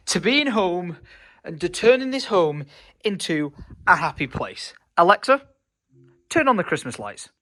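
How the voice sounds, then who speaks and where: A man's voice: high voice, sing-song, measured pace, bright, forceful tone. A young man with a Northern English accent chatting playfully in a vlog, laughing often. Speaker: vlogger. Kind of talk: casual vlog chat.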